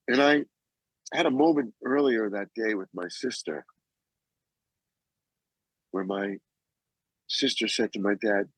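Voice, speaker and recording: Male guest, 60s, slow halting storyteller, husky and dry-sounding. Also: lowish voice, no echo, poor audio. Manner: slow, halting, with pauses and restarts. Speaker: guest, actor and author. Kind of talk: emotional personal storytelling.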